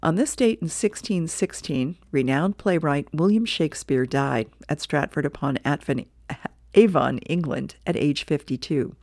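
A woman volunteer reader reading the newspaper aloud for a radio reading service, relaxed and plain, with small self-corrections. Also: deep voice, measured pace, no echo, studio quality.

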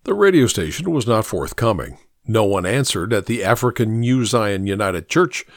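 A man narrating an audiobook in a steady storytelling manner. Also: on the low side, moderate pace, no echo, studio quality. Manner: storytelling, expressive.

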